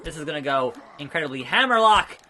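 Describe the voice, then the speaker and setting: A man's voice: a little high, lively intonation, quick pace, bright, forceful tone, a little hiss or hum. A man giving chatty, rambling let's play commentary, blurting out move names as he plays a wrestling game. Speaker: gaming video creator.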